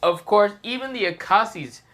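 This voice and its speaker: A man's voice: high-pitched, normal speed, fairly bright tone. A man casually telling an improvised fan story, rambling and swearing, full of fillers and self-corrections.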